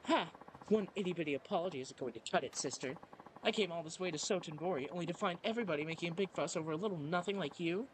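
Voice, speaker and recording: A man's voice: fairly high pitch, quick pace, slight background noise, lightly acted, poor audio. A man reading a game aloud, voicing a vain young female idol rival with a haughty, taunting manner. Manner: haughty, taunting, self-important. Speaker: let's play narrator.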